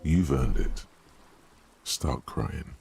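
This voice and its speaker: A very deep, gravelly narrating voice drawls each line slowly. It is the stern, wry inner voice of a video game hero, dry and commanding. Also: male voice, animated, darkish tone, slight background noise, heavily acted. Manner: slow, dry, commanding delivery.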